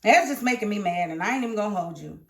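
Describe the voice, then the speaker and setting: A woman reviewing a TV episode in casual commentary, animated and emphatic, scolding the characters. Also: medium pitch, fast talker, creaky, reverberant, slight background noise. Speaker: TV show reviewer.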